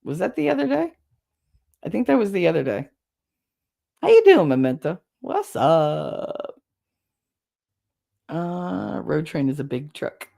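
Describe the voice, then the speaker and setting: A middle-aged woman hosting a casual livestream, talking bluntly with plenty of swearing and quick laughs while she chats with viewers. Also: lowish voice, big pitch swings, gravelly, warm tone. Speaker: livestream host.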